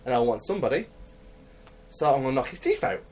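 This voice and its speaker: A man's voice: medium pitch, big pitch swings, fast talker, darkish tone, a little hiss or hum. A man, a wrestler guesting on a podcast, talking in casual, swearing banter. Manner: swearing, brash trash talk.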